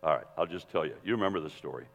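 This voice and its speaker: A man teaching a Bible seminar in a lively, digressive sermon style, full of restarts and asides, speaking to an audience in a hall. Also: very deep voice, very fast, lo-fi sound. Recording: long hall reverb.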